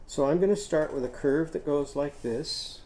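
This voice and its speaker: A man leads a children's phonics lesson as he draws on a page. His voice is dark and mellow, and he sounds out each word slowly and patiently for young learners. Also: a little high. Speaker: teacher. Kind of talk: children's literacy lesson while drawing.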